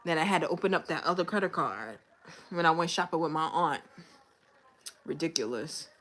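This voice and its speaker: With a low voice that's a bit bright and lively in intonation, a young woman hosting a casual livestream talks at a moderate pace. She's candid and loose, venting as she chats.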